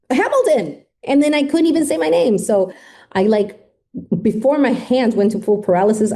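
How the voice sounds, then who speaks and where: A woman's voice: medium pitch, mellow. A woman guest on a podcast, emotionally retelling a personal story and acting out what people said. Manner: emotive retelling, acts out quoted speech.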